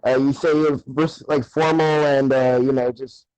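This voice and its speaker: A man in casual podcast chat who talks haltingly and trails off mid-sentence. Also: mid-range voice, fairly even intonation, a little mellow, no room sound, poor audio. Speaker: podcast co-host.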